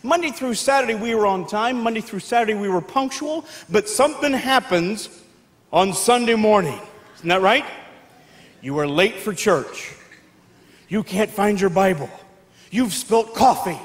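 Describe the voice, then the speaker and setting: A man performing stand-up comedy on stage, telling animated stories and acting out family members in loud, barked voices. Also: high-pitched, normal speed. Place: large hall with live audience. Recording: echoey hall with faint background noise.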